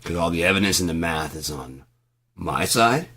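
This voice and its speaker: A man's voice: deep voice, expressive, normal speed, bright, forceful tone, husky. A man doing a rambling, profane vlog monologue, rehearsing an angry argument aloud with many restarts. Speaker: vlogger.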